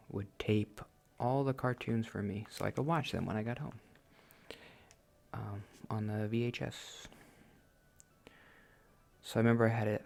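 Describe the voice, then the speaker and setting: A man's voice: lowish voice, creaky, a little mellow. A man in his late twenties hosting a gaming channel, rambling casually and self-deprecatingly, often laughing at himself. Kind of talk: casual let's-play chat.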